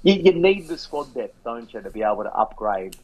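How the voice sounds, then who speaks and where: A man's voice: mid-range voice, very animated, fairly quick, crowd noise, low-quality recording. A man, co-hosting a casual fantasy football podcast, talking loosely and swearing now and then. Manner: casual, swears, laughs and yawns. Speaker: podcast co-host.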